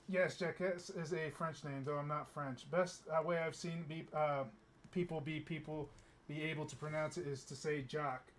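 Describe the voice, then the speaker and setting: Rambling young American man, fairly high voice. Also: steady tone, takes it slowly, long pauses, slight background noise. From United States. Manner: rambling, frequent stammered restarts and chuckles. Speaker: gaming streamer. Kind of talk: casual chat while streaming a game.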